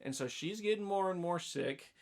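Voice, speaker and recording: Guy cohosting a podcast, gravelly voice, rambly animated storytelling. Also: high-pitched, moderate pace. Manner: rambling, animated storytelling with many fillers and acted-out quotes. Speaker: podcast co-host. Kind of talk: casual chat recapping a horror film.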